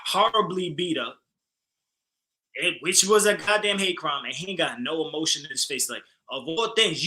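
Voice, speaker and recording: Bright, animated man in heated talk. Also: fairly high pitch, poor audio. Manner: animated, emphatic, frequent fillers and profanity. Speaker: podcast co-host. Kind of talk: casual heated discussion.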